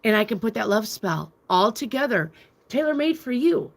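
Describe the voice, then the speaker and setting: A woman's voice: fairly high pitch, sing-song, moderate pace, vocal fry. Emphatic woman lecturing with conviction. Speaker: tarot reader and podcast host. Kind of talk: casual talk to viewers.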